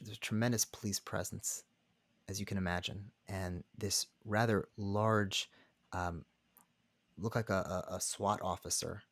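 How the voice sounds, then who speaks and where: A man, a rabbi and counselor, telling a personal story as a podcast guest in an earnest, halting way. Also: sits low, dry recording. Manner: earnest, halting, many restarts. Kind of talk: conversational storytelling.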